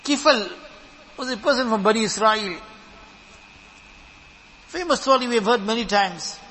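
A man's voice: high voice, animated, measured pace, pushed and bright, long reverb tail, slight background noise, low-quality recording. A man giving a sermon, earnest and emphatic, who often repeats words as he builds a point. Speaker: preacher.

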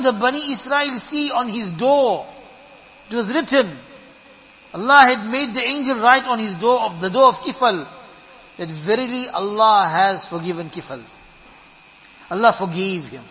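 Man preaching with a really high bright voice, earnest, repeats himself, hall echo and a little hiss. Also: animated, a little slow. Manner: earnest, emphatic, repeats words while building a point. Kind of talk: sermon.

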